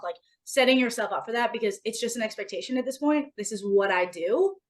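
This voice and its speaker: A woman's voice: a little high, brisk, few pauses, low-quality recording. A woman co-hosting a casual podcast chat, talking in an emphatic, motivational way and swearing casually. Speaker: podcast co-host.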